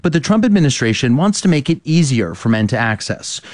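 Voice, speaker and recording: Guy doing a radio news piece, steady and even, dry close mic. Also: mid-range voice, brisk, no echo. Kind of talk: scripted news report.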